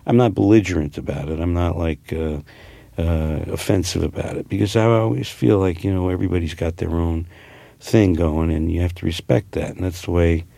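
A man's voice: low-pitched, a little fast, creaky, dark tone, no room sound. A man from New Jersey with a New Jersey accent, an actor talking casually in an interview, rambling with many fillers and restarts. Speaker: actor guest.

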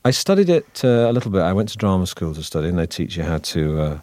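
A man with a Manchester accent talks through an interview as a guest actor. His voice sits very low, and he keeps a wry, self-deprecating tone while winding through thoughts with restarts. The sound is dry and close. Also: big pitch swings, quick pace, a little mellow, dry recording. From Manchester, northern England. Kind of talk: relaxed interview chat.

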